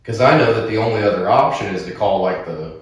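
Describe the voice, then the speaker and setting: A man from Oklahoma, co-hosting a podcast and telling a story in a casual, animated, profane way. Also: on the low side, quick pace. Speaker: podcast co-host. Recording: echoey room, mic at a distance.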